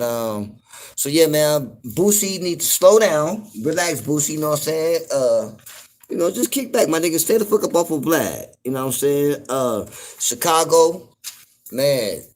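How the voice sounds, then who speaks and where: A man hosting his own show, talking in a loose, rambling commentary full of fillers and cursing, getting loud and incredulous when something riles him. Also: fairly low pitch. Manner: laid-back, rambling, frequent fillers and profanity. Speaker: podcast host. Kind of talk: casual commentary monologue.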